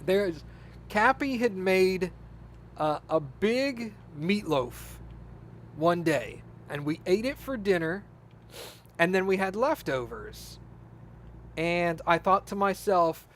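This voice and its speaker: A man's voice: high voice, expressive, takes it slowly, pauses often, slight background noise. A man streaming a game, chatting casually and laughing his way through a story. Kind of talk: casual chat while gaming.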